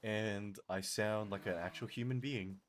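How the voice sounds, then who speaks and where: A man live-streaming, chatting casually and answering his chat, animated and quick to laugh, his voice strained and tiring. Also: on the low side, a little hiss or hum.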